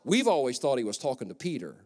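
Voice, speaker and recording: A man preaching a lively sermon as pastor, conversational and joking, in a large church hall. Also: medium pitch, fast talker. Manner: energetic, conversational, joking asides. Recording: long echo of a church hall.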